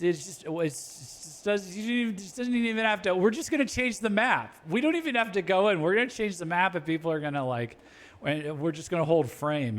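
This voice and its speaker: A man streaming a game and chatting casually, rambling and joking in a mock-blustering way, with many restarts. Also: a little high. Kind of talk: casual live-stream commentary.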